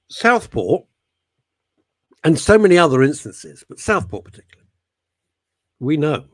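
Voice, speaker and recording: A man's voice: mid-range voice, big pitch swings, normal speed, pauses often, husky, dry recording. A man hosting a talk radio show, rambling and jokey as he talks through listener messages. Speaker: radio host. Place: radio studio.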